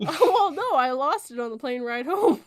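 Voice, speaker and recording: A woman from Canada hosting a casual podcast chat, talking in an animated, chatty way and laughing often. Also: sits high, moderate pace. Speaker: podcast host.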